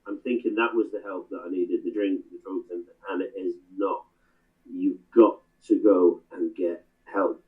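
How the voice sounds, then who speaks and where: A man's voice: deep voice, steady tone, measured pace. A man hosting a podcast, speaking earnestly and emphatically, often repeating phrases. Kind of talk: casual conversation. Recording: tinny phone-like line.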